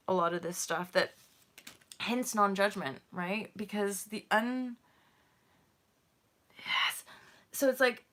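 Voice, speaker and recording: A woman's voice: mid-range voice, fairly bright tone. A woman chatting casually on a spiritual livestream, rambling, swearing freely and mocking herself. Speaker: spiritual vlogger.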